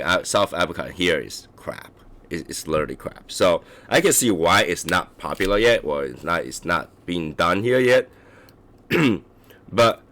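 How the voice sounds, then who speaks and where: Hoarse, very low-voiced man. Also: a bit bright, slight background noise. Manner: keeps clearing his throat, halting restarts. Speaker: livestream host reviewing cigars. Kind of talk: casual rambling chat.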